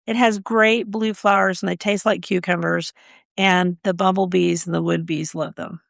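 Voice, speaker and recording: A woman's voice: fairly low pitch, steady tone, moderate pace, vocal fry, dry recording, studio quality. A woman co-hosting a gardening podcast, chatting casually and telling stories with frequent laughs. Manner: chatty, storytelling, laughs often. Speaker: podcast co-host.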